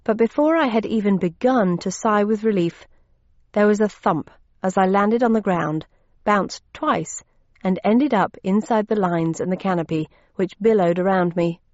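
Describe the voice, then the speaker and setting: Woman narrating an audiobook, measured and dry. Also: mid-range voice, a little mellow, no echo, lo-fi sound. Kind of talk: first-person audiobook narration.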